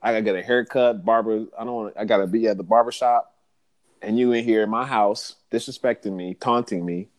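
A man with a somewhat low voice tells a story on a casual podcast. He jokes and swears freely and laughs at his own lines, and he slips into other voices as he goes. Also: fairly even intonation, a little fast, dry recording. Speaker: podcast host.

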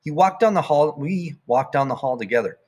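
A man's voice: a little high, brisk. Man reading a storybook aloud. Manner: plain, even read-aloud telling. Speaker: narrator.

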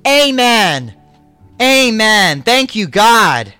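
A pastor preaching a sermon in repeated, declaring lines that rise to shouts. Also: mid-range voice, sing-song, extremely slow, smooth, no room sound, faint music behind.

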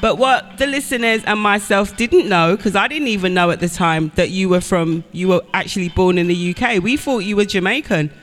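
A woman's voice: medium pitch, fairly quick, few pauses. A woman with an English accent hosting a radio interview, chatty, often saying "you know what I'm saying". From England. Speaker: radio host.

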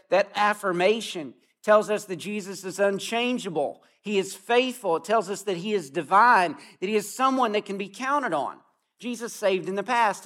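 A man preaching an outdoor sermon, telling stories earnestly and slowing down to stress key words. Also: high-pitched, fairly bright tone. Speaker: pastor. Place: outdoor gathering.

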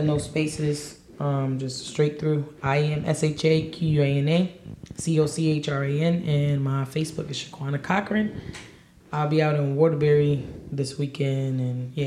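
A woman's voice: low-pitched, echoey room, slight background noise. A woman comedian chatting as a podcast guest, sassy and calling people honey. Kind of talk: casual chat.

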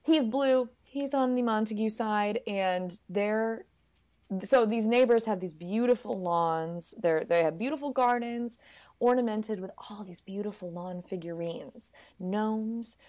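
A woman's voice: medium pitch, a little slow, a little mellow. Chatty woman goofing around retelling a movie, does silly little voices. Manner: chatty, playful, acts out characters in silly voices. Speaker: podcast co-host recapping a film. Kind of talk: casual chat.

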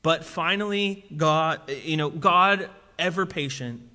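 A man's voice: on the high side, slow, sharp tone. A man preaching a sermon as a pastor, talking casually with lots of fillers and asides. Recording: long reverb of a large hall.

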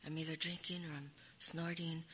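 Woman, bright clear voice, candid emotional story, frequent restarts. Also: low-pitched, little pitch movement, moderate pace, slight background noise. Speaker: speaker sharing her recovery story. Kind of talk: personal story at a recovery meeting.

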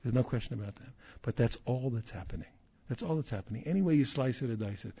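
A man, a rabbi, teaching a Torah class in an animated way, repeating phrases and restarting often. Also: medium pitch, fast, breathy edge. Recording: dull lo-fi recording.

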